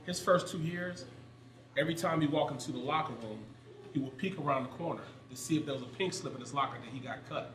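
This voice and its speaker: A man who is a former pro football player, telling stories in a casual sports chat and shouting out the lines of the people he quotes. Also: on the high side, quick pace. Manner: animated storyteller, yells quoted lines. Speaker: former NFL player, panelist. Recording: echoey room with crowd noise.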